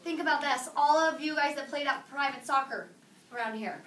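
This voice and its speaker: A high, bright-voiced woman teaches a high school class with playful energy, tossing questions to her students. She is picked up from a distance in a reverberant classroom, with a faint hum of room noise behind her. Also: a little fast.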